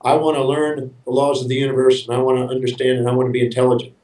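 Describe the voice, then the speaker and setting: A man's voice: mid-range voice, monotone, rapid-fire, a little mellow. A man from the United States, speaking as an interview guest, tells his life story earnestly and often repeats words as he starts sentences. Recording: roomy sound from a distance.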